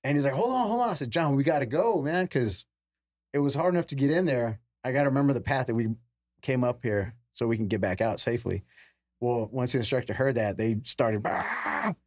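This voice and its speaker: A man's voice: mid-range voice, a little fast, darkish tone, dry recording, clean studio sound. A man in his forties, a podcast guest, telling firefighting stories in a casual way, acting out other people's lines and swearing freely. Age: 40s. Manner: acts out quoted voices, casual swearing.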